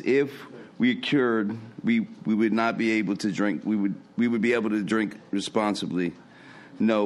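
A man reading a statement aloud at a meeting, earnest and stumbling now and then. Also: fairly low pitch. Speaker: meeting reader.

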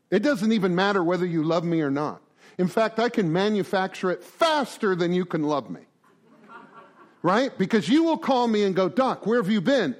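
Animated man giving a recovery talk. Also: sits high. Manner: animated, acts out conversations, frequent "right?" and "man". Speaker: recovery group speaker.

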